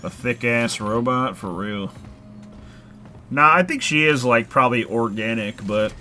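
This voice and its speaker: A man's voice: medium pitch, a little slow, pushed and bright, soft background music. A man casually chatting while he streams a horror game live, rambling with lots of filler words and casual swearing. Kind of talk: casual live gameplay chat.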